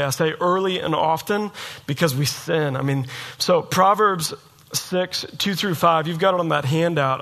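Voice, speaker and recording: A middle-aged man preaching a sermon, emphatic and animated, sometimes mimicking his listeners in mock voices. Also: on the high side. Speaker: pastor.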